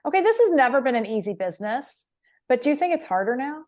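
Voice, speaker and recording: A woman hosting an interview podcast, affirming her guest and asking quick follow-up questions. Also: high voice, very animated, a little mellow. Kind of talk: conversational interview.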